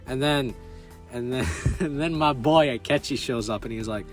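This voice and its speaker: A young man rambles through a game recap in a small closet, his voice at an ordinary, mid-range pitch. He chuckles and interrupts himself as he talks, with faint music behind him. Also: brisk. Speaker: video host.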